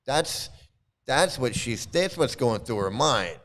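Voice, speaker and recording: A man hosting a casual commentary video, talking in an animated, mocking way that jumps into high exclamations. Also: takes it slowly. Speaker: commentary host.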